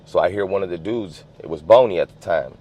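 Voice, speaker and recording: Deep-voiced man telling a street story. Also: a little fast, warm tone. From US West Coast. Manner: streetwise, profane slang, lots of "you know what I'm saying". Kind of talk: casual storytelling. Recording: dull lo-fi sound.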